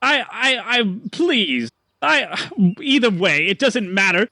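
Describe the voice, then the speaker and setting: A man voicing a pompous, shifty huckster merchant who sputters with high-pitched indignation. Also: very animated, slow, vocal fry, pushed and bright, no echo, clean studio sound, heavily acted. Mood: indignant.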